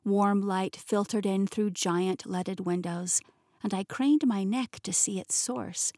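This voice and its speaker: A woman reading a first-person fantasy novel as a professional audiobook narrator, in a smooth, even-paced telling. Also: medium pitch, slow pace, no echo, studio quality. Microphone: close studio mic.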